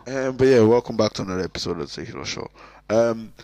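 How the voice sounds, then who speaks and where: A man's voice: on the low side, lively intonation, fast, dark tone, no room sound, poor audio. A man with a Cork Irish accent hosting his podcast, talking loosely and jokily, swearing often and trailing off into restarts. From Ireland. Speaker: podcast host. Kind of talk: casual rambling solo intro.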